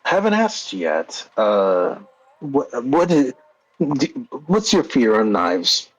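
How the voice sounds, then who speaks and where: Man, tabletop player, playful, husky, lively pitch. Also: slow pace, highs cut off. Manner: playful, laughs often. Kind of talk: casual tabletop play.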